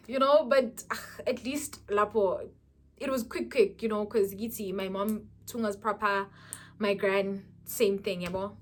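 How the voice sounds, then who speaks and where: A young South African woman telling a lively storytime vlog, mixing in local words. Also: mid-range voice, a little slow. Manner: animated storytelling, mixing in Zulu words, with laughs. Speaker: YouTuber.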